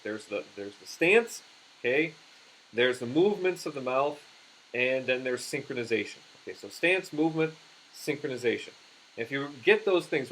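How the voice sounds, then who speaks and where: Halting man teaching puppetry. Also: mid-range voice, a bit bright, slight background noise, low-quality recording. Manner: halting, with frequent restarts and fillers. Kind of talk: instructional demonstration.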